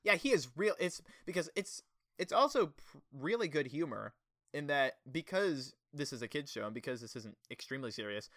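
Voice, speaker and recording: A young man chatting casually about a kids' show episode, animated and laughing often. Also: fairly high pitch, moderate pace, no echo, studio quality. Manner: animated, laughs often, acts out quoted lines. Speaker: podcast co-host.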